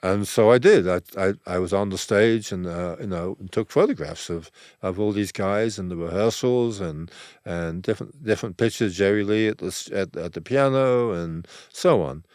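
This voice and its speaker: Older male guest, low voice, rambling anecdotes, bone-dry recording. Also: normal speed, darkish tone, dry recording. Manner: rambling, acts out quoted dialogue. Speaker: photographer, interview guest. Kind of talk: relaxed anecdotal storytelling.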